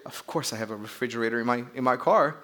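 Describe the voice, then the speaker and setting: A man's voice: medium pitch, fast talker, fairly bright tone, pitched below the performer's own voice, natural voice. A man voicing an arrogant rich driver of a luxury car in a put-on British accent, haughty and clipped.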